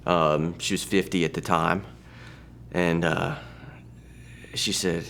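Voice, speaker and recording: A man in his thirties sharing a personal testimony in a halting, conversational way, often restarting his sentences. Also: sits low, fairly even intonation, gravelly, fairly bright tone, slight background noise. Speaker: church testimony speaker.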